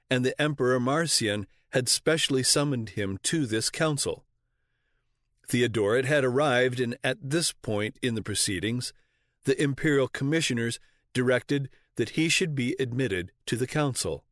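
A man narrating an audiobook in a measured, deliberate reading voice, close to the mic. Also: medium pitch, no room sound. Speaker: audiobook reader.

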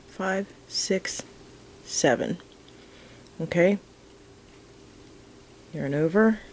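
Slow, gravelly-voiced woman teaching crochet. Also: low voice, low-quality recording. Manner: chatty, counting stitches softly as she works. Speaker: crochet instructor. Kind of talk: casual tutorial.

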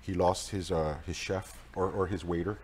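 A man answering interview questions in a halting way, often repeating words as he searches for them. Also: low voice, steady tone, crowd noise. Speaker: political candidate.

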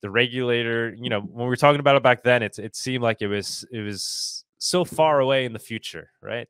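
A man's voice: mid-range voice, fairly quick, few pauses, fairly bright tone, clean tone, no echo. A man hosting a crypto news show, reading items aloud and breaking off into casual, sarcastic commentary. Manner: sarcastic asides between read-out items; casual, repeats words and restarts.

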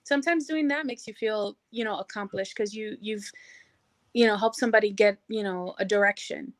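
A middle-aged woman speaking as a guest on an interview show, energetic and encouraging, with lots of "you know" fillers. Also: medium pitch, fairly quick, no echo. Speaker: podcast guest, hospitality professional. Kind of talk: casual interview chat.

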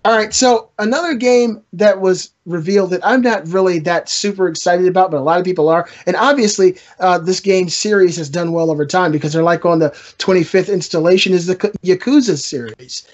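A man's voice: high-pitched, a little fast, hardly any pauses, muffled recording. A man hosting a casual gaming podcast, rambling and joking with his co-hosts. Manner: rambling, joking, trash-talking. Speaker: podcast host.

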